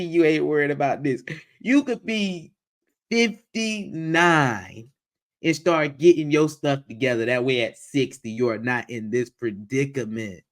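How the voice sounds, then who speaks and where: A man hosting a livestream who reacts to a video in casual, exasperated commentary. He talks in a way, repeats phrases and mocks the voices he quotes. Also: a little high.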